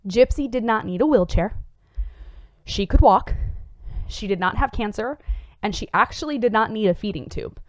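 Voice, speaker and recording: A woman's voice: mid-range voice, expressive, normal speed, long pauses, no echo. A woman hosting a psychology show, explaining in an earnest, casual way with many fillers and restarts.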